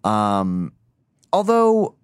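A man's voice: lowish voice, wildly swooping pitch, extremely slow, smooth, no room sound, studio quality. A man co-hosting a podcast, talking casually with a hesitant, meandering manner. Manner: hesitant, full of fillers and asides. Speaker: podcast co-host. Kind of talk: casual chat.

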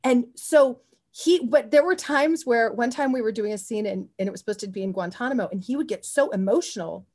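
An animated woman talks through a long story on a podcast, her voice pitched a little high. She rambles, circles back and drops in quick asides as she goes. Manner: often says "you know what I mean". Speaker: actor and podcast guest. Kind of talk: casual interview storytelling.

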